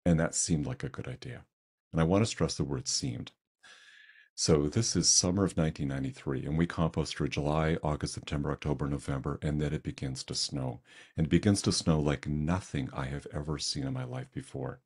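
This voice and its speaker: Very deep-voiced older Canadian man. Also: fairly even intonation, fairly quick, darkish tone, breathy edge. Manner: conversational, self-deprecating storyteller. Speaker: webinar presenter. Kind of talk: storytelling presentation.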